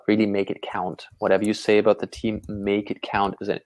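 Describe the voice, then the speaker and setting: A man from Austria whose first language is German, a guest on a live online talk giving startup pitch advice in an emphatic, energetic way. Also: brisk, hardly any pauses. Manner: energetic, emphatic, repeats words when starting a point.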